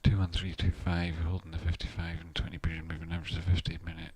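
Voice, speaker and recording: A man's voice: low-pitched, monotone, fast talker, hardly any pauses, a little mellow, breathy edge. A man hosting a casual live stream, rambling and thinking aloud about stock charts, with the odd swear word. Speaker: trader and channel host.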